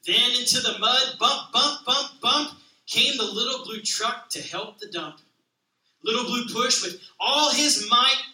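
A man, a pastor, reading a children's picture book aloud with lively expression, then talking casually to open a sermon. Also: very high-pitched, unhurried, echoey room, far from the mic, low-quality recording.

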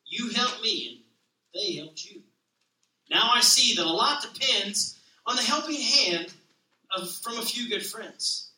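A man voicing a self-important male dump truck from a children's storybook, loud and blustering. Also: high-pitched, lively intonation, a little slow, echoey room, recorded from a distance, full character voice, poor audio. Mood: grateful.

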